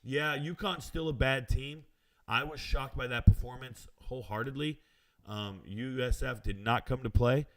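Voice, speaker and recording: A man's voice: medium pitch, normal speed, a bit bright. A man hosting a live stream who reads out viewer comments and answers them in a brash, self-assured way, with casual slang and chatty asides. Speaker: sports betting show host.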